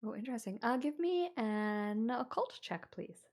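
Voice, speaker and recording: A woman's voice: on the high side, animated, a little slow, darkish tone. A woman running a tabletop horror game as game master, describing scenes in a loose, chatty way with many fillers.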